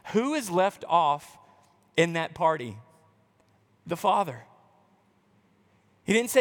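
A man's voice: high-pitched, measured pace, pauses often, fairly bright tone, in a large hall. A man preaching a sermon as pastor in a church building, passionate and urgent, sometimes acting out a complaining believer.

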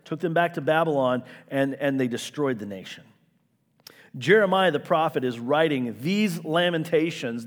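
A man delivers a sermon with earnest emphasis, swinging from exasperated outcries down to hushed, low lines. His voice sits a little high for a man. Long reverb trails behind him, as in a large hall. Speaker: pastor.

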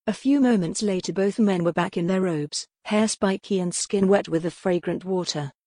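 A woman reading an audiobook aloud in a steady, measured narration. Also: mid-range voice, no echo, studio quality. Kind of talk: scripted narration.

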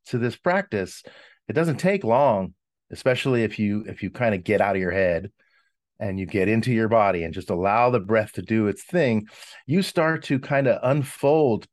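A man talks through what breathwork does to people, pausing and restarting as he reflects. His voice sits on the low side for a man. The sound is dry and close, with little room around it. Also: darkish tone, no echo. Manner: reflective, explanatory, frequent restarts. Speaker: breathwork facilitator. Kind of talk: casual podcast conversation.

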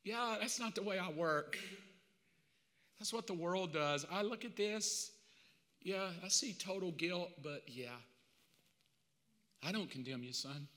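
A man preaching, speaking as a calm, forgiving male savior in a soft, hushed voice. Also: sits high, a little slow, pauses often, long reverb tail, a little hiss or hum, full character voice. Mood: gentle.

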